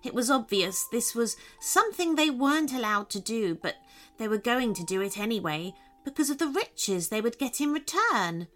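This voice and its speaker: A woman voicing a gentle, earnest little male lizard in a children's storybook reading, speaking softly. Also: fairly high pitch, expressive, normal speed, faint music behind.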